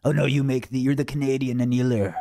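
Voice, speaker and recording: A man's voice: mid-range voice, steady tone, quick pace, creaky, dark tone, no room sound, clean studio sound. A man giving rambling, sarcastic livestream commentary, mocking and wandering off topic.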